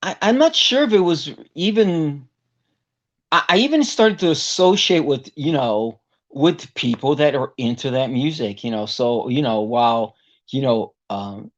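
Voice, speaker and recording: Male guest vocalist, loose chatty storyteller who leans on fillers, mid-pitched, a bit muffled recording. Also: lively intonation, unhurried. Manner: rambling, heavy with "you know" fillers. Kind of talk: casual interview storytelling.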